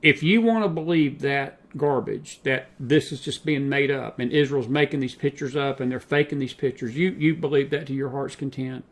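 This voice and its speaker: A man hosting a late-night talk show, impassioned and preachy, slowing down to drive his points home. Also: medium pitch.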